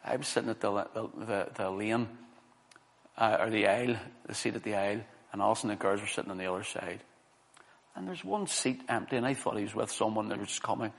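A man's voice: on the low side, brisk, vocal fry. A middle-aged man preaching a sermon and telling a story from his own life, earnest and building to emphatic stresses.

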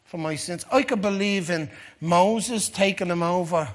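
A middle-aged man giving a testimony sermon, moving from quiet storytelling to loud, fervent preaching. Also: sits high, measured pace.

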